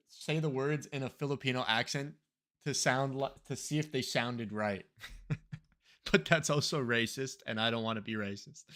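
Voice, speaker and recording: A young man streaming himself playing a geography guessing game, excitable and swearing freely, with loud outbursts. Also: mid-range voice. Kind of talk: live-stream reaction commentary.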